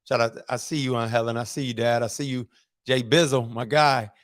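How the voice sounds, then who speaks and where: A man's voice: mid-range voice, fairly quick, no room sound, clean studio sound. A man hosting a motivational livestream, telling stories in a casual, slangy way and often asking "right?". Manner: animated, storytelling, keeps asking "right?".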